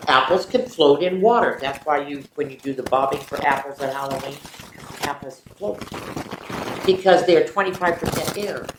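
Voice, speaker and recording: An older woman, a retired teacher, reading picture books aloud to children in an animated way, with playful sound effects and chatty asides. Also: low-pitched. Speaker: children's story reader. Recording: echoey room with faint noise.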